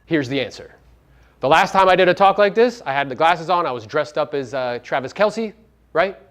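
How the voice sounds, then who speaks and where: A man's voice: a little high, lively intonation, moderate pace, fairly bright tone. A man giving a live motivational seminar talk to real estate agents, brash and profane, firing rhetorical questions at the audience.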